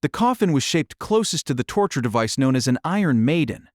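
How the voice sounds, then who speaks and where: A man narrating an audiobook in an expressive, dramatic storytelling manner. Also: a little high, brisk, no echo, studio quality.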